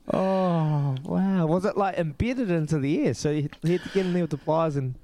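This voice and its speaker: A man in his thirties with a New Zealand accent, hosting a casual chat and telling animated stories with frequent laughter. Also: a little high, normal speed, no echo. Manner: laughs often, animated storytelling.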